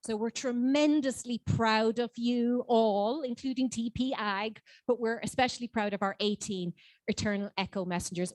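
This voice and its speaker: A woman's voice: mid-range voice, darkish tone, no room sound. A woman co-chair introducing a presentation, enthusiastic and upbeat, a little out of breath. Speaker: team project co-chair. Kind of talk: presentation speech.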